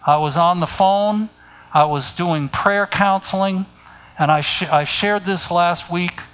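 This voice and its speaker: A middle-aged man preaching a sermon, speaking deliberately and pointing his listeners to scripture. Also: high voice, fairly bright tone, clean tone, poor audio.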